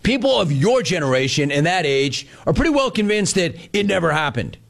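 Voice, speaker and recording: Man, sports radio host, sarcastic, storytelling, fairly high voice, animated delivery. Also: a little fast, creaky.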